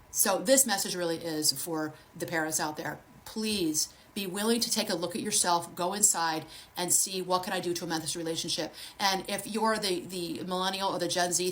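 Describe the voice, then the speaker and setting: A woman's voice: on the low side, a bit bright, slight background noise. A woman in her fifties, a therapist and life coach, giving earnest, direct advice to camera in a conversational way. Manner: earnest, direct, addresses viewers personally; conversational with frequent restarts.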